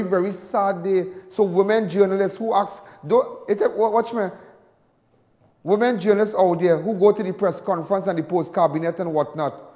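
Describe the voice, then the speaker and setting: Trinidadian male host, high voice, emphatic and repetitive, in a long reverb. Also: a little mellow. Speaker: talk show host. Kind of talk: impassioned TV commentary.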